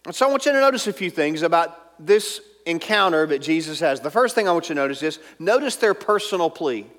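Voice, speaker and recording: A pastor preaching a sermon, emphatic and at times dropping to a soft, intimate tone. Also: male voice, a little high, lively intonation, fairly quick. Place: church sanctuary. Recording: long hall reverb.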